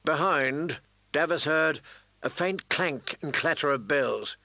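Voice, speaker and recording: Brief: male audiobook narrator, slow and deliberate, bright tone, dry close sound. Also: on the high side, creaky, no room sound, poor audio. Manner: measured, deliberate. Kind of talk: scripted narration.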